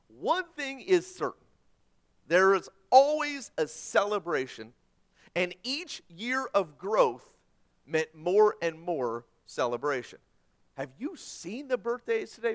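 A man preaching a sermon in an animated, emphatic way. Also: high-pitched. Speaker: pastor.

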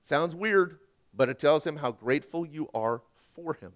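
A male pastor preaching a sermon in a conversational way with personal stories, swinging from loud, emphatic lines to hushed ones. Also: a little high, lively intonation, moderate pace.

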